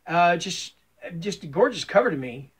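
Rambling high-voiced man talking books. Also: sing-song, normal speed, breathy edge. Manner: rambling, self-correcting, many fillers; enthusiastic. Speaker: booktube vlogger. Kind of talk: casual book tag video.

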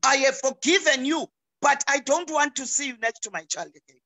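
A woman's voice: sits high, normal speed, pushed and bright. A middle-aged South African woman, a pastor speaking as a talk show guest over a video call, preaching emphatically and often repeating words as she restarts.

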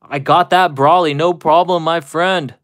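A man's voice: fairly high pitch, steady tone, measured pace, a bit bright. A man opening trading card packs on a live stream, chatting and laughing with his viewers, a little out of breath. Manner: laughing, chatty, talks straight to chat. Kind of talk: casual live stream chat.

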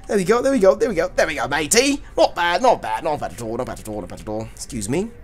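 A man hosting a let's play, commenting loudly and profanely, often yelling at the game. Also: on the high side, very fast, slightly rough, soft background music. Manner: loud, profane, excitable, yells at the game. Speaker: gaming channel host.

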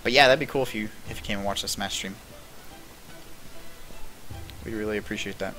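A young man in his twenties talks through a game stream at his home setup, rambling and easygoing, full of fillers and the odd curse. His voice sits a little low but rings bright and forceful, and soft game music plays underneath. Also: rapid-fire. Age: 20s. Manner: rambling and laid-back, lots of fillers, swears. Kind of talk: casual chat while streaming.

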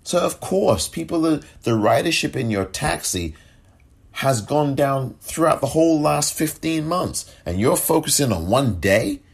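A man's voice: fairly high pitch, expressive, a little slow, creaky, slightly rough. A man hosting a political podcast, delivering indignant solo commentary and mocking the people he talks about. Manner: impassioned, indignant; mocking impersonations of others.

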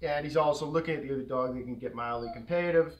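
A man's voice: fast, dull audio, slight background noise. A man who trains dogs, casually explaining his method indoors at home. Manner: relaxed and chatty, breaking into high baby talk with the dogs. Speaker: dog trainer. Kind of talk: casual instructional talk during a training session.

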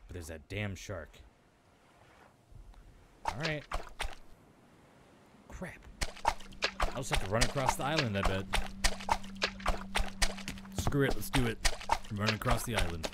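A man giving casual let's-play commentary, chatty and excitable, talking to himself as he plays. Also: fairly low pitch, takes it slowly, pauses often, very noisy. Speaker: gaming video host.

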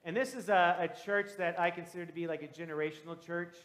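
A man who is a pastor, telling a story, growing hushed and then loud as the story turns. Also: high-pitched, fairly even intonation, fast. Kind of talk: storytelling sermon. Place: church sanctuary. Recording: echoey church room.

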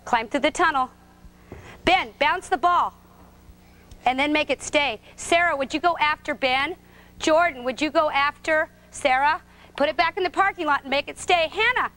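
High-voiced woman coaching toddlers. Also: bright, forceful tone. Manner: sing-song, encouraging, gives short simple directions. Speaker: preschool gymnastics coach. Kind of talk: coaching young children in class. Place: indoor gym.

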